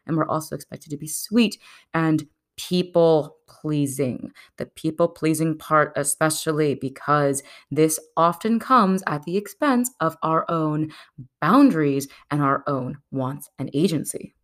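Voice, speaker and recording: A young adult woman giving casual video commentary, sarcastic and animated, slipping into mocking voices. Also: sits low, unhurried. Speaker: video essayist.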